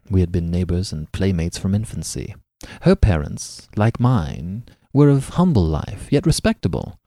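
A man reading a classic tale aloud as the podcast's narrator, with an expressive, dramatic delivery. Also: on the low side, dry recording, studio quality. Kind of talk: scripted narration of a classic story.

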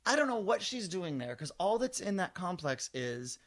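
Man, 40s, slightly high voice, animated storyteller who acts out the voices of others. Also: normal speed. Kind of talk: casual storytelling chat.

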